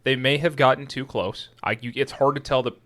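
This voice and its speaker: A man's voice: mid-range voice, fairly even intonation, fairly bright tone. Agreeable, chatty podcast co-host man. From South Dakota. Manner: chatty, agreeable, fills in with quick yeahs and facts. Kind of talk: casual sports podcast banter.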